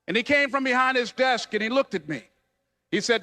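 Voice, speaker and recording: A man's voice: very high-pitched, fairly quick, bright, forceful tone, long reverb tail. A man giving a motivational speech, with an emphatic, repetitive cadence like a preacher. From United States. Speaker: motivational speaker.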